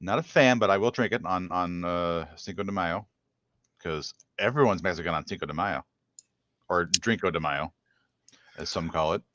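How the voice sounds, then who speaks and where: A man with a very deep voice chats hesitantly and reads out viewer comments. The stream audio is dull and lo-fi. It is dry and close. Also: moderate pace, a bit bright, no echo. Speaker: cooking show co-host. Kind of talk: casual live-stream chat.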